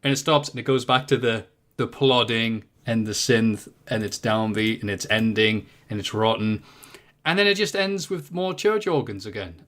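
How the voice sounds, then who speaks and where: A man with a British accent, a podcast guest talking music in casual chat, jokey and animated as he tells his take. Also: lowish voice, normal speed.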